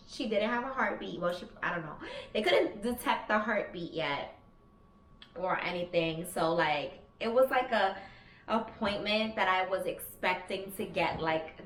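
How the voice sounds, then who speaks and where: A woman's voice: on the low side, fairly bright tone. Thirtysomething woman spilling her story, candid and chatty, cusses a lot, roomy echo, faint hum behind. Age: 30s. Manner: candid, chatty, swears freely. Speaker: vlogger. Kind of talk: casual storytelling.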